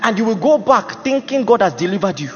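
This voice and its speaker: Preacher guy, high voice, goes way up and down, muffled hall recording w faint music. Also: sing-song, fairly quick. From Nigeria. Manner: emphatic, laughs at his own jokes, acts out Bible figures. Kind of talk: sermon.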